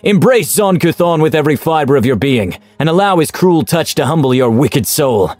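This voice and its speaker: A man's voice: on the high side, expressive, normal speed, darkish tone, no room sound, faint music behind, voice pushed up, natural voice. Male narrator as a fanatical zealot of a cruel god, roaring prayers at a captive in a tabletop game story. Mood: fervent yelling. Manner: fervent preaching, raised voice.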